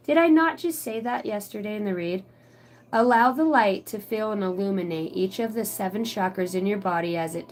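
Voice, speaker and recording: A woman's voice: fairly low pitch, poor audio. A woman giving an intuitive oracle card reading. She reads card text aloud and breaks into emotional, casual asides that include swearing. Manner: emotional, earnest. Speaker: psychic card reader.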